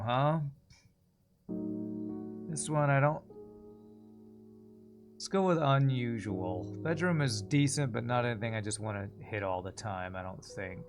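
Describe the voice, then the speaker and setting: A man's voice: mid-range voice, lively intonation, a little slow, long pauses, over music. A man streaming a puzzle game, thinking aloud and mumbling as he weighs his choices in casual commentary. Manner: musing aloud, mumbling while deciding.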